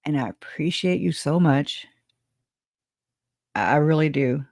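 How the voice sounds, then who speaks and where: Hosting a casual livestream, a woman reads viewer comments aloud, rambling, laughing a lot, swearing casually and sounding emotional and grateful. Her low voice is unhurried, a little mellow and lively in intonation, recorded at studio quality without echo.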